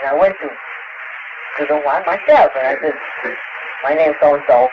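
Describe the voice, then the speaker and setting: A man tells stories at a lecture question session, halting and restarting, dropping fillers and laughing often. His voice sits high and swings widely in pitch. The dull, lo-fi 1960s tape carries a steady hiss. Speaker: interviewed author. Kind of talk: lecture Q&A, casual storytelling.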